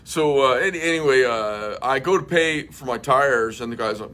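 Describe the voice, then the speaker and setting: A man's voice: mid-range voice, moderate pace, sharp tone, a little hiss or hum. A middle-aged man hosting a casual livestream chat, a rambling storyteller who swears bluntly and fills with many uhs and restarts. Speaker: host.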